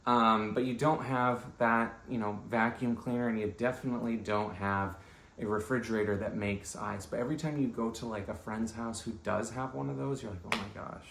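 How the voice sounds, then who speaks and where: Male comedian, mid-pitched, meandering storyteller, reverberant room sound. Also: fairly even intonation, normal speed, creaky, fairly bright tone, a little hiss or hum. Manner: rambling, self-interrupting, conversational asides. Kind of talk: rambling comedic monologue.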